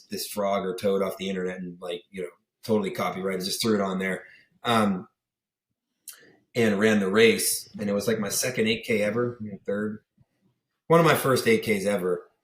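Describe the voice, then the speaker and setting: Chatting casually as a podcast guest, a young Pittsburgh-area man from the USA rambles through his stories, filling them with fillers and acting out quoted voices. His voice is low-pitched, and the recording is reverberant.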